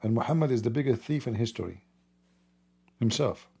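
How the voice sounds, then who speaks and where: Gravelly man mocking. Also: mid-range voice, animated, fairly quick, mellow. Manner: mocking, laughs often, broken grammar. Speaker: livestream host. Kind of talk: casual late-night livestream talk.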